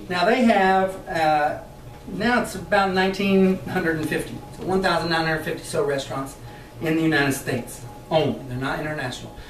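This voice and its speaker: Lively trainer man in an echoey room. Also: on the high side, normal speed, a little hiss or hum. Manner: lively, chatty, laughs often, acts out quoted voices. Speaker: sales trainer. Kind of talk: training talk to a live group. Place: meeting room with an audience. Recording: echoey room, mic far off.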